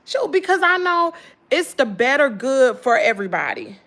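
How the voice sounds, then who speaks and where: Tired southern lady venting to y'all, loud then muttering low, kinda high pitched. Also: normal speed. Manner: animated, swings from loud exclaims to low muttering; folksy slangy talk, addresses viewers as y'all. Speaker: channel host. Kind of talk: casual venting chat to viewers.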